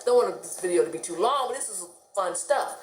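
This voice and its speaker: A woman's voice: mid-range voice, brisk, roomy sound, a little hiss or hum. A middle-aged woman from the United States telling stories casually to camera, chatty and laughing often. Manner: chatty, laughs often, animated quoted voices. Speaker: vlogger.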